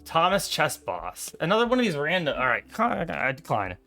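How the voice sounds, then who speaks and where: A man with a bright, fairly high voice that swings all over the place as he replays a chess game. He jokes, laughs a lot and swears freely while calling out the moves in a casual chat. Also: wildly swooping pitch, moderate pace, creaky, faint music behind. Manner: joking, laughs often, swears. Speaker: co-host reviewing his chess game. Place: streaming setup.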